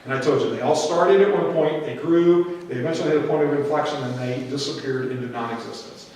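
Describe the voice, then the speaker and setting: A man's voice: on the high side, quick pace. Middle-aged man speaking in an echoing hall. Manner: storytelling, animated, acts out quoted voices. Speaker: conference speaker. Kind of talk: church conference talk with anecdotes. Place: large hall. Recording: echoey hall, distant mic.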